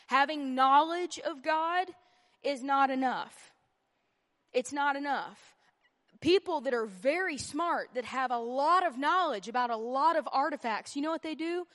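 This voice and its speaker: In a church meeting room, a woman with a somewhat high, fairly bright voice teaches a Bible lesson. Earnest and emphatic yet conversational, she repeats key phrases to drive points home and drops in humorous asides. A long reverb surrounds her, like a large hall.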